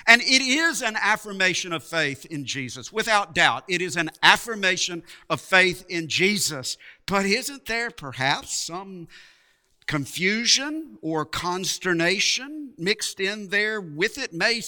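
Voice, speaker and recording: A man preaching a sermon, slow and emphatic, with dramatic pauses and repeated words. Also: high-pitched, expressive, pushed and bright.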